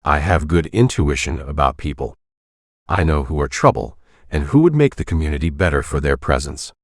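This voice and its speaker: A man voicing a calm, knowing priest who speaks in measured, cryptic phrases in an audiobook. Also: a bass voice, no echo, clean studio sound, exaggerated voice.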